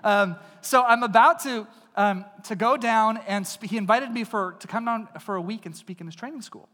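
High-voiced preacher in a reverberant hall. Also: male voice, normal speed, bright, forceful tone. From East Texas. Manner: casual, jokey, addresses the crowd directly. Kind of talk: conversational sermon with personal stories. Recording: long reverb of a large hall.

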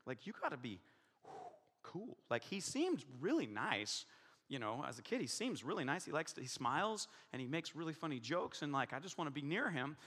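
A middle-aged man preaching to his congregation, telling a personal story in an animated way and acting out the voices he quotes. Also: fairly high pitch, fairly quick, slightly rough, in a large hall. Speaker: pastor.

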